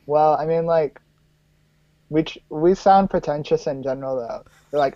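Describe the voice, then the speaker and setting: A teasing man co-hosting a podcast, quick to laugh as he chats casually. His voice is fairly high but mellow, heard through a dull, lo-fi mic with a dry sound. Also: no room sound. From United States. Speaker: podcast co-host. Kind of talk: casual chat.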